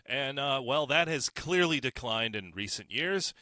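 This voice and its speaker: A man's voice: mid-range voice, lively intonation, a little slow, bright, forceful tone, no echo. Blunt, profane man ranting. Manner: blunt, profane, sarcastic, heated. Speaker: podcast host. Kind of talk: solo opinion podcast rant.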